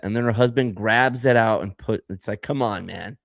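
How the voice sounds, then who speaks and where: A man's voice: lowish voice, moderate pace, creaky, no echo, clean studio sound. A man co-hosting a casual podcast, ranting and rambling with lots of fillers and laughter. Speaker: podcast co-host.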